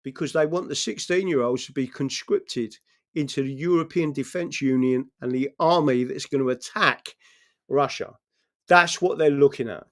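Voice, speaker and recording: A man's voice: medium pitch, normal speed, fairly bright tone. A man giving an impassioned political address, pressing each point with a repeated "right?". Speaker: political speaker.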